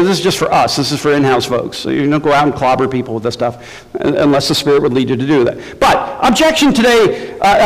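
A man preaching a sermon in an emphatic, animated way, often asking his listeners rhetorical questions. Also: fairly high pitch, long reverb tail, low-quality recording.

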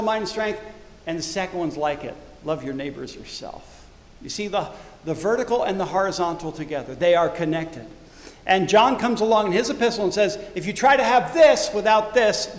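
A middle-aged man, the church's pastor, preaching a sermon; he swells loudly on scripture verses and drops to quiet, conversational asides. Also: high voice, reverberant, big-room sound. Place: church sanctuary.

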